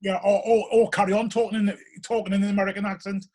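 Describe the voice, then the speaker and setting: Fast-talking Geordie man, casual host. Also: sits high, little pitch movement, darkish tone. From North East England. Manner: rambling, hesitant, full of restarts and "you know". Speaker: podcast host. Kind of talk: casual interview chat.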